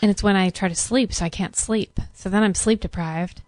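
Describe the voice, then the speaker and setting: A pregnant woman in her thirties co-hosting a podcast, telling her story in casual, animated chat and a little short of breath. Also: medium pitch, a little fast, no echo. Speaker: podcast co-host.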